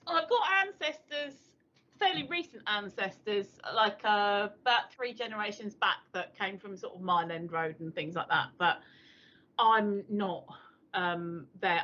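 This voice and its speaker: A woman's voice: mid-range voice, unhurried, sharp tone. A woman in her fifties or sixties with a South London accent, co-hosting a casual livestream chat and rambling hesitantly with lots of fillers. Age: 50s or 60s. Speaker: livestream co-host. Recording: dull lo-fi stream audio.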